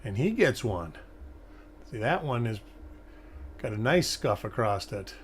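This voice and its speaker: A man's voice: mid-range voice, very animated, a little slow, a little hiss or hum. A man hosting a live coin-hunting stream, chatting casually and rambling as he thinks aloud at his desk. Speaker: coin hunting livestream host.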